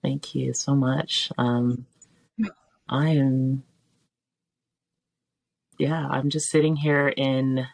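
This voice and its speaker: A woman's voice: a bass voice, flat delivery, very slow, gravelly, long pauses, a little mellow, no echo. A woman in her forties, a teacher and filmmaker, talking as a podcast guest in a heartfelt, searching way with restarts. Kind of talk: reflective podcast interview.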